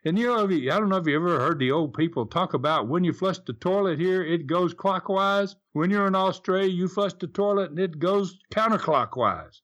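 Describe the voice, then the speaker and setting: A man's voice: high-pitched, animated, a little fast, few pauses, fairly bright tone, dull audio. An older man with a Southern US accent, reminiscing in a casual interview as a retired wrestler, telling stories in a rambling way with frequent restarts. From Southern United States. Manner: rambling storyteller with repeated restarts.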